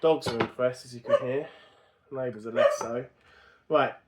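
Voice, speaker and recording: A man's voice: mid-range voice, moderate pace. A man chatting casually to the camera as he works on an old car in his home workshop, joking at his own expense and talking to himself. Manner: self-deprecating, chatty, talks to himself while working. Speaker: car restoration vlogger. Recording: noisy workshop with dogs barking.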